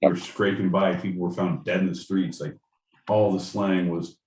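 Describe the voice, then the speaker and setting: A lowish-voiced man co-hosting a podcast, talking loosely and swearing often. His voice carries a roomy echo, with faint noise in the background. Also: moderate pace. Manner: sweary, riffing, animated. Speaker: podcast co-host. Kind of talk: casual chat.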